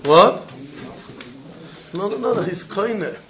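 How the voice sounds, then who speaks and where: A man giving a Talmud lesson in a lively, questioning way, mixing Yiddish terms into his English. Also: high-pitched, takes it slowly. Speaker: Talmud teacher. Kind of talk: yeshiva-style Talmud lesson. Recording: dull echoey room with faint noise.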